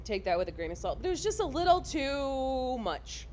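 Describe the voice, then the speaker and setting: High, animated woman recapping a film. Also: normal speed, slight background noise. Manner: animated, swears freely, acts out quotes. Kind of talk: casual film recap chat.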